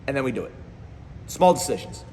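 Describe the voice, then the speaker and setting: A man giving a live-streamed motivational talk as a performance coach, energetic and speaking straight to his viewers, often repeating phrases. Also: medium pitch, fairly quick, in a large hall, a little hiss or hum.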